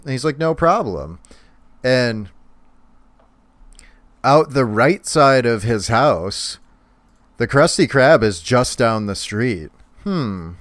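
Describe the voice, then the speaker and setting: A man casually recapping a cartoon episode on a podcast, unhurried and full of fillers. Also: on the low side, clean tone, no room sound. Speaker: podcast co-host.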